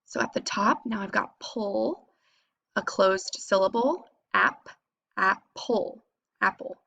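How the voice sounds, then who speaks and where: A female teacher leads young pupils through a phonics lesson, patiently sounding out each syllable slowly and clearly. Her voice sits at a medium pitch with a fairly bright tone, though the high frequencies are cut off.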